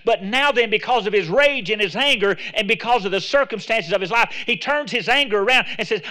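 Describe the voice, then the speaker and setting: Pastor, male, high bright voice; chatty sermon delivery with restarts, builds to emphatic calls. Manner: conversational preaching, rising to emphatic exhortation; repeats words and restarts phrases.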